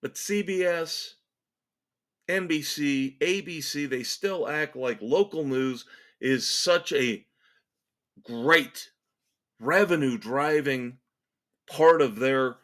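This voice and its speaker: A man's voice: fairly high pitch, slow, pauses often, fairly bright tone. A man hosting a music podcast, ranting in a sarcastic, exasperated and emphatic way. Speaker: podcast host. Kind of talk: opinionated solo rant.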